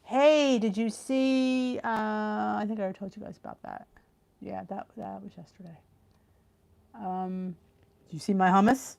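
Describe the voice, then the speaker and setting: With a medium-pitched, creaky, darkish voice, fairly even intonation and a measured pace, a chatty middle-aged woman hosts a live cooking stream from home via video call on her computer. She reads viewer comments aloud, gasps and trails off mid-thought, sounding tired and yawny in the heat.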